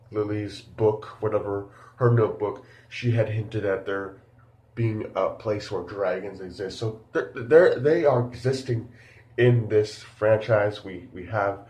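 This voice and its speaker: A man's voice: fairly low pitch, mellow, roomy sound. A man giving a casual spoken film review, rambling and incredulous, full of fillers.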